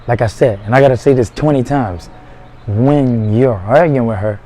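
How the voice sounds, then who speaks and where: A man's voice: mid-range voice, mellow, low-quality recording. A man giving blunt, profane dating advice in a casual monologue, full of streetwise slang.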